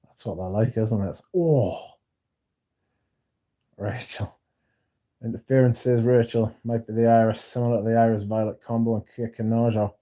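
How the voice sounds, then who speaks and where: A man's voice: mid-range voice, steady tone, moderate pace, pauses often, warm tone. A man hosting a casual livestream, reading viewer comments aloud and swearing freely as he chats. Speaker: livestream host reading chat. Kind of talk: casual livestream chat about perfume.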